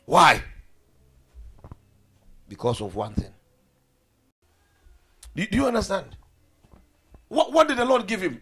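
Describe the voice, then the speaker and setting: A man preaching a sermon with passion, swinging between loud declarations and hushed low asides. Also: huge pitch swings, slow, long pauses, husky.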